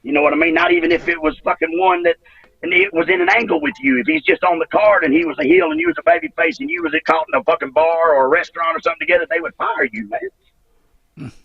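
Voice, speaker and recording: A man's voice: high voice, expressive, fast talker, creaky, breathy edge, no room sound, recorded from a distance, dull audio. A middle-aged man, telling rambling, profane wrestling stories as an interview guest. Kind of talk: casual storytelling interview.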